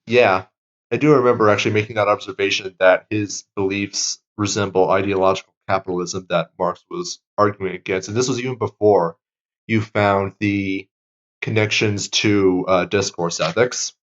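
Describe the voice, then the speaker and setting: A man's voice: fairly low pitch, fairly even intonation, normal speed. A man co-hosting a casual political commentary stream in a laid-back, filler-heavy way. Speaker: co-host. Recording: dull lo-fi mic.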